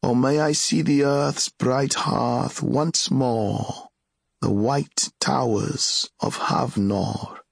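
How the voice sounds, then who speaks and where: A man voicing a loyal, warm-hearted young male wizard friend in an audiobook, speaking in a steady, friendly manner. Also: mid-range voice, very slow, creaky, breathy edge, dry recording, studio quality, pitched above the performer's own voice, exaggerated voice. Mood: longing. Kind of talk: audiobook character reading.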